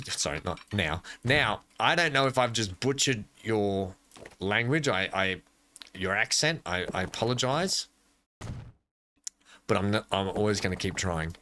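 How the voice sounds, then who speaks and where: A man's voice: lowish voice, expressive, moderate pace, sharp tone, slight background noise. An Australian man hosting a casual gameplay commentary, chatty and jokey, talking to himself as he plays. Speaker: gaming channel host.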